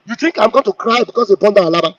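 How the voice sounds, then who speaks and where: Heated male host, high voice. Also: expressive, racing, no echo. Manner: heated, mocking, acts out quotes. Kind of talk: impassioned political commentary. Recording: dull, dry lo-fi audio.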